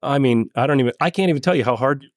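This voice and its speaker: Halting, earnest man telling a racing story. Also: mid-range voice, dry recording. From California. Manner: earnest, halting, with many restarts. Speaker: land speed racer. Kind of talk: casual interview storytelling.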